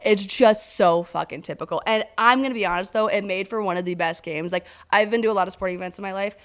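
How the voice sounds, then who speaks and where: Chatty woman hosting a sports show, gets loud and excited, says like a lot. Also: medium pitch, fast. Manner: excitable, lots of "like", swears freely. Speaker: co-host. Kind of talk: casual sports chat.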